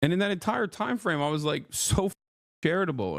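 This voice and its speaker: A man's voice: a little high, very animated, brisk, vocal fry, a bit bright, no room sound, studio quality. A man streaming live, angrily ranting with lots of swearing as he reacts to another creator. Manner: angry, profane, ranting. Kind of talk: heated reaction rant to live chat.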